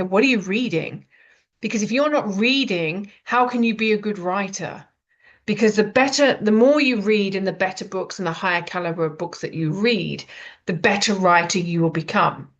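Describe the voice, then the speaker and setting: A woman from Britain, an author and writing coach, talking casually and rambling with many fillers and restarts. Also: lowish voice. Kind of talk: casual spoken talk. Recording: dull lo-fi sound.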